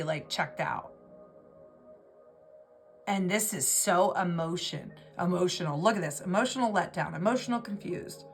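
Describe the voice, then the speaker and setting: A woman giving an intuitive tarot reading, talking in an emotional, rambling way and often restarting her words. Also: lowish voice. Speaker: tarot reader.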